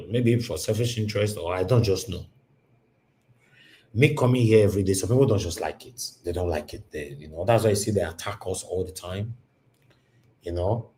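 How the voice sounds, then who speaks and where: Nigerian man, live-stream host, low voice, emphatic and repetitive, pidgin mixed in, faint room hum. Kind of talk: casual live-stream monologue.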